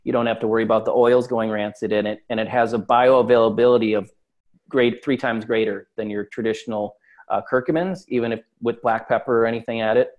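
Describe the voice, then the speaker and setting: A man's voice: mid-range voice, fairly even intonation, brisk, narrow, tinny audio. A man speaking as an interview guest in casual chat, talkative and full of fillers. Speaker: supplement company guest.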